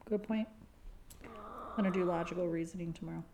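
A woman's voice: fairly low pitch, steady tone, a little fast, noisy background. A woman co-hosting a podcast, chatting casually in a dry, teasing way. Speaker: podcast co-host. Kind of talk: casual chat.

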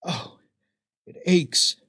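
A man reading the part of a confused, shaken young man who stammers and halts through his lines. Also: bright, forceful tone. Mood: dazed, confused. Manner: halting, stammering.

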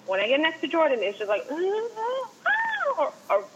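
A woman chatting casually, telling an excited, animated story. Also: a little high, fast talker. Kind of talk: casual chat. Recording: dull lo-fi line with faint noise.

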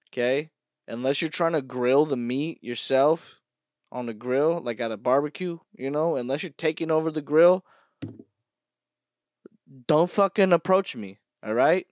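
A man's voice: medium pitch, no echo, clean studio sound. A young man riffing in a brash, mock-aggressive comedy rant, swearing freely as he talks to his viewers. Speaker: comedy vlogger.

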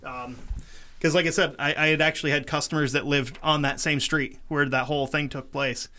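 Bright-voiced profane podcast host, a man. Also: a little high, steady tone, fairly quick. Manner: profane, rambling, laughs often. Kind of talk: casual podcast chat.

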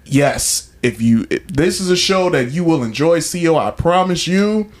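In a relaxed podcast conversation, a male co-host with a slightly high voice launches into enthusiastic stories, performing the quotes himself. His pace is normal.

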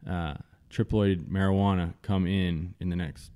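A man's voice: deep voice, steady tone, unhurried, mellow, clean tone. A man with a frank, rambling way of talking, chatting casually as a hemp farmer on a podcast.

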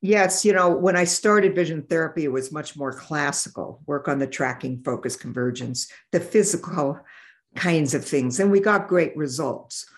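A vision therapist telling a patient story in an interview, animated and acting out the dialogue. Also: medium pitch, moderate pace. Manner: animated, acts out quoted dialogue.

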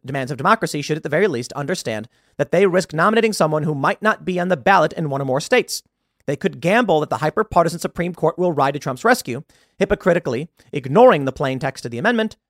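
A man in his thirties delivering a solo political rant from a studio. His voice sits a bit high and swings widely in pitch as he gets exasperated and sarcastic. The sound is dry and close on the mic. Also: no room sound. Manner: animated, exasperated, ranting with sarcastic asides. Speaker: political commentary host.

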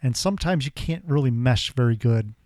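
A man co-hosting a casual podcast, explaining his thoughts in a relaxed way. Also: medium pitch, a little fast, no echo, studio quality. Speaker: podcast co-host.

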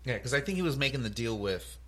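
A man's voice: mid-range voice, lively intonation, fast, pushed and bright. A man in casual chat reviewing a TV episode as a co-host, hesitant and self-deprecating.

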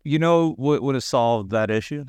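A man's voice: medium pitch, normal speed, a little mellow, clean tone, no room sound, studio quality. A man hosting a podcast, chiming in casually with short questions and remarks. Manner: brief interjections and follow-up questions. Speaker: podcast host. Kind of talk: casual chat.

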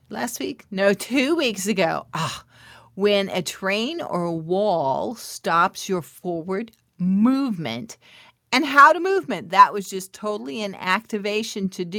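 Bubbly slow-talking woman podcast host. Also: mid-range voice, dry recording, studio quality. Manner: bubbly, laughs often, swings from soft prayer to excited chatter. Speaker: podcast host and life coach. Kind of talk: faith podcast monologue with prayer.

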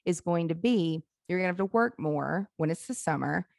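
A woman's voice: lowish voice, expressive, normal speed, gravelly, a little mellow, no room sound, clean studio sound. A woman in her forties telling candid family stories in casual chat, laughing and swearing now and then.

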